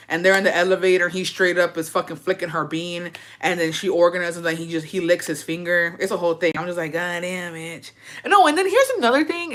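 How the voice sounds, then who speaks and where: A young woman casually recapping a show, swearing freely and acting out the characters' lines as she tells it. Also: lowish voice. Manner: profane, animated storytelling with put-on quotes. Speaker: vlogger.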